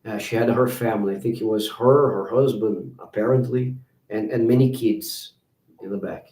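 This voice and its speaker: A man, hosting and telling stories in a casual, animated way, jumping higher when he quotes people. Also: moderate pace. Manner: animated, acts out quoted voices in higher pitch. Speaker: host. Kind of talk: casual storytelling to viewers. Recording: roomy, from a distance.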